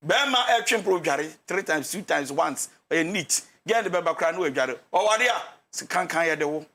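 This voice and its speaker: Bright, forceful and expressive, this man's voice is on the high side and moves at normal speed. He's a pastor with a Ghanaian accent offering animated marriage counsel on a talk show, shifting between English and Twi as he plays out couples' arguments.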